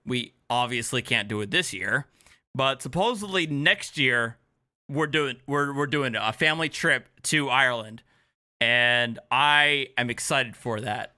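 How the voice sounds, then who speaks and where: A tipsy man hosting a stream, reacting casually with laughter and swearing. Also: mid-range voice. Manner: laughing, profane, excitable. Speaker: streamer hosting a review show.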